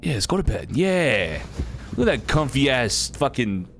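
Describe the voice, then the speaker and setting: A young man commentating casually as he plays a game, excitable, swearing freely and laughing often, reading game text aloud. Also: mid-range voice, normal speed, a little hiss or hum. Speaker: gaming streamer.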